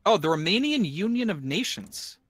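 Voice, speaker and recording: A man playing a multiplayer strategy game over voice chat, reacting eagerly and loudly and throwing out playful jabs. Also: high voice, very animated, moderate pace, no echo. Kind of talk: casual multiplayer gaming chat.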